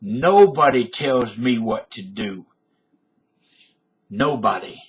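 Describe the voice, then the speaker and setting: Middle-aged man from canada, husky voice, slow deliberate pace, blustering profane rant, webcam vlog. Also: medium pitch, lively intonation. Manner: blustering, tough-talking, profane. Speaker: vlogger. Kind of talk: defiant comic rant to camera. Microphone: webcam microphone.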